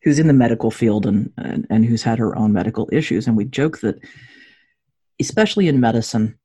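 A woman in her forties tells her story as a podcast guest. She talks in a husky voice. She jokes along the way and acts out other people's lines with big jumps in pitch. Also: brisk. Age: 40s. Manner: jokey, acts out dialogue with lively pitch jumps. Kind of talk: animated personal storytelling.

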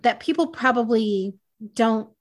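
Woman podcast guest with a fairly high voice, candid and self-mocking as she tells a personal story. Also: lively intonation, a little slow. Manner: candid, self-deprecating, laughing at herself.

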